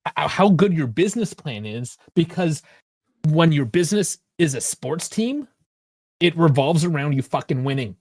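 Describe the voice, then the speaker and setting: A man's voice: on the high side, expressive, normal speed, darkish tone, no echo, studio quality. A man co-hosting a sports podcast, asking pointed questions and speaking bluntly with profanity. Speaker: podcast co-host. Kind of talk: casual sports podcast chat.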